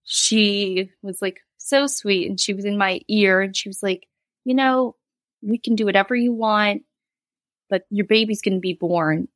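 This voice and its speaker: Recorded dry, a thirtysomething woman speaks in a mid-range voice, a little slowly, as an interview guest. She rambles candidly through a personal story, laughing and dropping in quoted asides.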